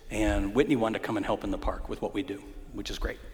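A man's voice: fairly low pitch, fairly even intonation, fast, darkish tone, a little hiss or hum. Man preaching in a reverberant church. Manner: humorous, conversational, with punchy emphasis. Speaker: pastor. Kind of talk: storytelling sermon. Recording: hall reverb.

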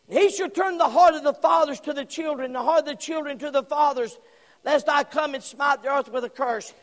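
A man preaching a fiery sermon from the pulpit, swinging between shouts and hushed tones. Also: very high voice. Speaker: pastor. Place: church sanctuary. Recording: long church hall reverb.

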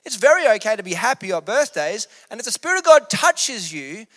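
A man's voice: sits high, big pitch swings, a little fast, pushed and bright, long reverb tail. A man preaching a sermon in an earnest, emphatic, conversational way.

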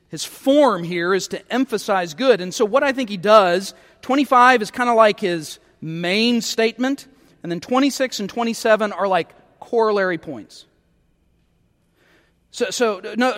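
A man's voice: sits high, fairly bright tone, big-room sound. A male pastor preaching a sermon, emphatic and repeating words as he starts phrases.

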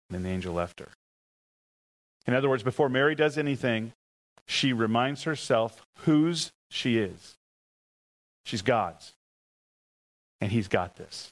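A man's voice: normal speed, long pauses, low-quality recording. Emphatic preaching man. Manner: emphatic, repeats key phrases, leads the congregation in call-and-response; animated storytelling with rising pitch when excited. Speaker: pastor. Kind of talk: sermon.

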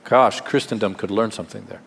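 A man's voice: on the low side, fairly quick, vocal fry, fairly bright tone, slightly rough. Man preaching in a reverberant hall. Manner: conversational preaching with rhetorical questions and humor. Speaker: pastor. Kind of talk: sermon.

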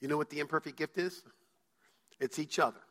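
A man's voice: fairly high pitch, steady tone, brisk, fairly bright tone. A male pastor preaching a sermon to his church, telling stories and acting out quoted voices. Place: church sanctuary. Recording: church hall reverb.

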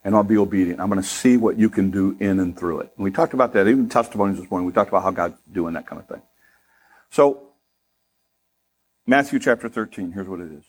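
A middle-aged man preaching a sermon in a conversational way, with humorous asides and rising emphasis, turning softer and slower when he prays. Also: husky. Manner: softer, slower and lower in prayer. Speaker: pastor.

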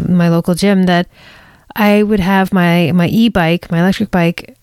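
A woman hosting her own podcast, talking casually and candidly in a rambling, halting way, full of restarts and self-corrections. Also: on the low side, darkish tone, clean tone, dry recording. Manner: candid, confiding. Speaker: podcast host. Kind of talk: casual solo podcast monologue.

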